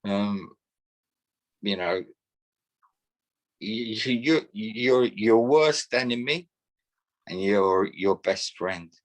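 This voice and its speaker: Older man with a low voice, sharing his story earnestly and reflectively in a group session. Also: drawn-out words, long pauses, poor audio. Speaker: support group member. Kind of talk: personal testimony.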